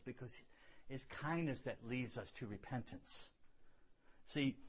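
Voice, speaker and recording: A man preaching a sermon and telling his own story earnestly, rising to loud emphasis and dropping to hushed lows, often repeating words as he builds. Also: breathy edge. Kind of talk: sermon with personal testimony.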